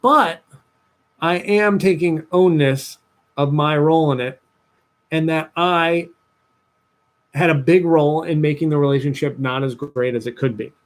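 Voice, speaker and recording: A young man, a dating coach talking to viewers on a livestream, telling a personal story with lively voiced-out asides. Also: unhurried, long pauses. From New Jersey, USA. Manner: animated storytelling, acts out his past self in a higher voice.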